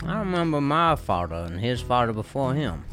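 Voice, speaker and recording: A man's voice: medium pitch, very animated, moderate pace, over music, close to an everyday voice. A man voicing an old southern man who grumbles about young kids, with a put-on Southern US accent and a folksy, drawling way of storytelling. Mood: reminiscing.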